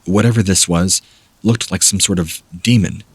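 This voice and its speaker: A man reading first-person scary camping stories aloud as a measured, steady narrator. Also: sits low, husky, dry recording. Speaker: horror story narrator.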